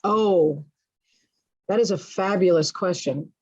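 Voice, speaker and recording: A woman's voice: on the low side, slow, breathy edge, no echo. A woman guest telling a personal story frankly and expressively, with self-deprecating humor. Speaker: interview guest. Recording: dull lo-fi sound.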